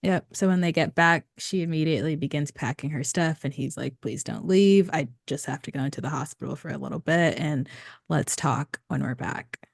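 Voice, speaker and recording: Woman, very low gravelly voice, dry close sound, casual podcast recap. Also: fairly even intonation, fairly quick, no room sound. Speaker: podcast co-host. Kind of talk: casual book recap chat.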